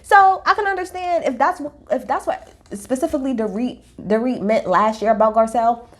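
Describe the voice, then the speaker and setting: A woman's voice: a little high, a little fast. Blunt, gossipy woman recapping reality TV. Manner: blunt, profane, gossipy and opinionated; talks straight to viewers, casual slang. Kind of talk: casual reality show recap commentary.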